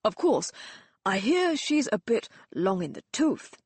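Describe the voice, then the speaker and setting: A woman voicing a drunken, mocking young Victorian gentleman who talks loudly and slurs his words. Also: medium pitch, sing-song, a little slow, slightly rough, no room sound. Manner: loud, slurring, teasing.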